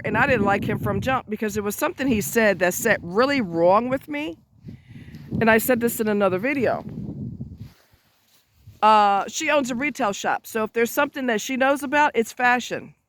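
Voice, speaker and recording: High-voiced guy outside by a road, blunt and chatty, goes off on little asides. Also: noisy background. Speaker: advice vlogger. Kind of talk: casual advice monologue. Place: outdoors near a road, minding a dog.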